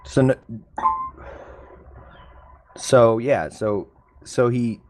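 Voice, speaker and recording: A man hosting a podcast, asking his guest questions in a halting way. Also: mid-range voice, a little mellow. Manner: halting, stumbles over his words. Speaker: podcast host. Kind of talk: casual interview questions.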